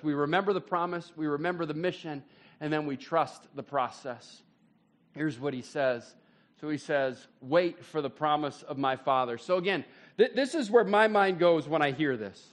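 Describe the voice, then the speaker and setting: Man, pastor, sermon, animated storytelling, slightly high voice. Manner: animated storytelling, bursts of excitement. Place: church sanctuary.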